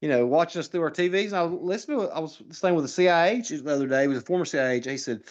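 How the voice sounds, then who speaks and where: Brief: quick, fairly high male voice, rambling storyteller, muffled lo-fi sound. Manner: rambling storyteller, laughs at own stories, restarts often. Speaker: political candidate guest. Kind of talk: casual podcast chat.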